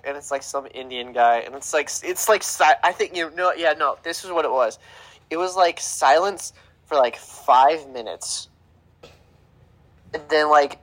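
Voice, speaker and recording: A man's voice: fairly high pitch, normal speed, a bit bright, poor audio. A man co-hosting a casual podcast, talking in an offhand, dismissive way. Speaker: podcast co-host.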